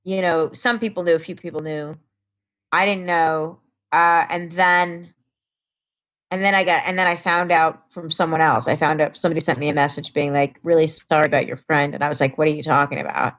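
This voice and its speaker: A woman's voice: deep voice, steady tone, a little fast, a bit bright, dull audio. A woman from Connecticut, a comedian guest, telling a story in casual talk and acting out the voices of the people in it.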